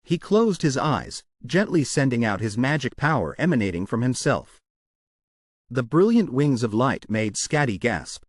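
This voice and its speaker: A man narrating a comic recap in a scripted storytelling voice. His pitch rises and falls in a lively way while the delivery stays matter-of-fact, recorded dry and close. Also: measured pace, no room sound.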